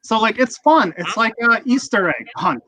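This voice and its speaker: A man's voice: high voice, expressive, normal speed, pushed and bright, no echo, poor audio. A man hosting a casual livestream chat, rambling and ranting with lots of swearing. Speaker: livestream host.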